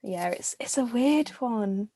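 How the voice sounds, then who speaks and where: A woman's voice: fairly high pitch, animated, slow pace, mellow, no room sound. A bubbly English woman in her twenties hosting a casual video chat, gushing and talkative. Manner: chatty, bubbly, gushing compliments. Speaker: host.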